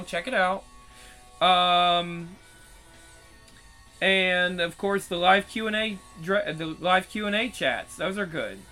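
Male channel host, high-pitched, profane rambling delivery, faint music behind. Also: sharp tone, rough recording. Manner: rambling, profane, frequent restarts. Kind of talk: casual commentary.

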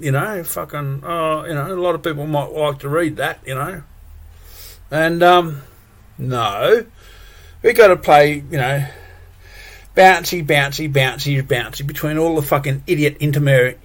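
A man's voice: a little high, measured pace. A man ranting angrily and profanely, full of exasperated repetitions. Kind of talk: angry solo rant.

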